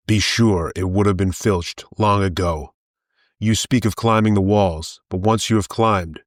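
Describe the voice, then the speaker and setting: Bellowing, bragging fat rogue with a low, dry voice, as a male narrator puts him on. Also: dry recording, close to an everyday voice. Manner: blustering, mocking. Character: fat boastful middle-aged male rogue, jeering.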